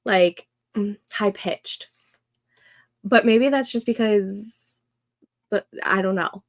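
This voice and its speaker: A young woman hosting a casual co-working livestream, thinking aloud and reading chat comments in a soft, soothing voice. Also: medium pitch, takes it slowly, no room sound. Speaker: livestream host.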